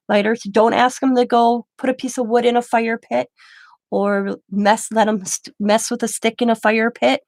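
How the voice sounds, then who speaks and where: Middle-aged lady telling a story, blunt and animated, kinda high voice, dry close sound. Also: dry recording. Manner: animated, blunt, acts out quoted people. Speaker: crafting channel host. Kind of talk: casual storytelling.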